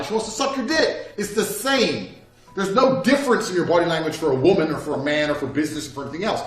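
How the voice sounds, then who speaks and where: A man's voice: fairly high pitch, animated, fast talker. Blunt, profane man in an echoey room. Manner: blunt, swears constantly, acts out quoted exchanges. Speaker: motivational speaker. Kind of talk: profane motivational monologue. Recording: echoey room with faint music.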